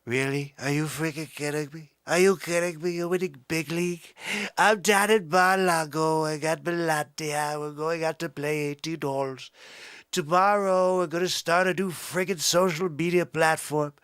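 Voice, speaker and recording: A man's voice: a little high, steady tone, normal speed, fairly bright tone, clean tone, no room sound, studio quality, natural voice. A man doing a brash older politician. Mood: boastful. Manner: brash, bragging, repetitive. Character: blustering boastful older male politician impression.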